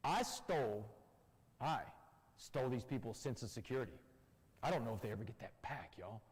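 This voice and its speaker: A man's voice: medium pitch, lively intonation, moderate pace, husky. A man giving an emphatic personal testimony to an audience in a church, speaking to them directly. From Texas. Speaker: guest speaker. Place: church hall. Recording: long church-hall reverb.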